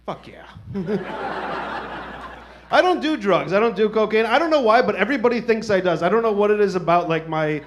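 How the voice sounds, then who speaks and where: A man's voice: high voice, lively intonation, moderate pace, long pauses, background noise. A man in his thirties doing a stand-up comedy set, telling stories in a casual, profane, wry way. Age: 30s.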